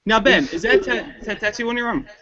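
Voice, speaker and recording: Animated high-voiced male host. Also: fast talker, crowd noise. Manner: animated storyteller with loud impressions of parents. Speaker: panel host. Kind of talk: casual chat. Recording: dull lo-fi stream audio.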